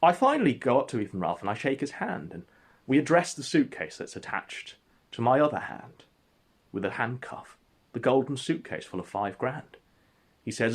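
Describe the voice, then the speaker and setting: A man telling an absurd comic story in a mock-epic, deadpan way. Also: mid-range voice, brisk. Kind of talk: comedic storytelling.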